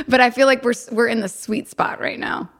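A woman co-hosting a podcast in casual chat, bubbly and giggly. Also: on the high side. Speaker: podcast co-host.

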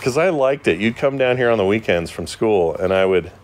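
A man with a fairly low voice co-hosts a relaxed podcast. He jokes and rambles between reading listener emails aloud. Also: brisk. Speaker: podcast co-host. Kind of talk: casual chat.

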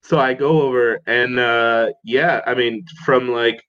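A man's voice: mid-range voice, unhurried, lo-fi sound. A young man casually telling a story as a podcast co-host, acting out the people he quotes in a raised voice. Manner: animated, acts out quotes in a raised voice.

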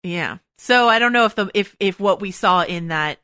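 A woman's voice: mid-range voice, normal speed, bright, forceful tone, clean tone, dry recording, clean studio sound. A woman hosting a podcast in casual chat, thinking aloud with lots of restarts and asides. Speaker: podcast host.

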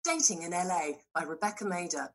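A woman in her thirties, a podcast guest, telling stories in animated casual chat with plenty of swearing and laughter. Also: lowish voice, a little fast. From Britain.

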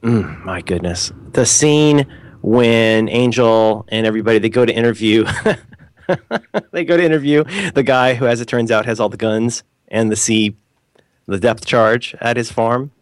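A man's voice: mid-range voice, measured pace, no echo. An American man in casual conversation, asking rambling questions and stumbling over his words. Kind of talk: casual chat.

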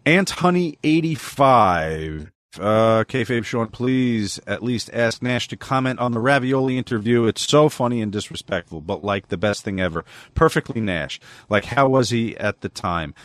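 A man's voice: mid-range voice, lively intonation, normal speed, dry recording. A man co-hosting a podcast, chatting casually, teasing his co-host and reading out listener questions. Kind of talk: casual chat.

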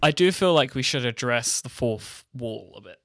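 A man's voice: medium pitch, moderate pace, no echo. A young man co-hosting a podcast, chatting casually and rambling with dry, joking asides. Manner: rambling, deadpan jokey. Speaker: podcast co-host. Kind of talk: casual banter.

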